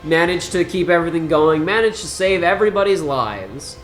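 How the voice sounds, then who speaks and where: A man jokes his way through a video game with a friend, his voice slightly high and his thoughts rambling. The room rings with echo, and game music plays softly behind him. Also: normal speed. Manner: rambling, jokey, trails off and restarts. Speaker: let's play commentator. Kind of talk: casual gameplay commentary.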